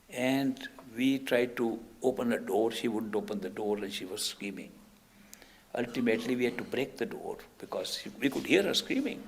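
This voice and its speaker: An older man from India, giving a spiritual talk over a video call, telling stories gently. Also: mid-range voice, gravelly, a little hiss or hum. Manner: gentle storyteller, animated. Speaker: spiritual teacher.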